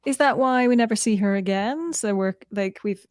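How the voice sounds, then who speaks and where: A woman's voice: medium pitch, moderate pace, clear, resonant tone, no echo, clean studio sound. A woman co-hosting a podcast in casual chat, wry and thinking aloud. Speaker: podcast co-host.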